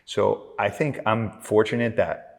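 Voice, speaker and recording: A man with a lowish voice tells loose, self-mocking stories in a relaxed interview. He is a clinic director talking as a podcast guest. His voice rings out with a lingering reverb from the room. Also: unhurried, gravelly. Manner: rambling, self-deprecating storyteller. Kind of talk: casual interview chat.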